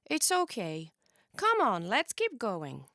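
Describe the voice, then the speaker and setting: An excitable little boy from a picture book, read aloud by a woman, his voice leaping all over in bright, lively swings. He chirps happily one moment and shouts in frustration the next. The recording is close and dry. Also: a little high, takes it slowly, no echo, full character voice. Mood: cheerful. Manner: bouncy and bright, turning to sharp shouts. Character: cheerful young boy, quick to frustration.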